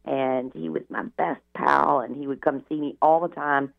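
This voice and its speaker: Gravelly woman on a tinny phone line. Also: deep voice, steady tone, moderate pace. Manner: chatty, many "you know" asides. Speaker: guest. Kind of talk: personal storytelling in an interview.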